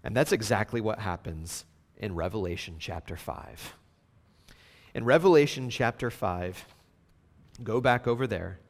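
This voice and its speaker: A man preaching a sermon, swinging between hushed, slow passages and loud, emphatic outbursts. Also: fairly low pitch, animated, big-room sound. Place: church sanctuary.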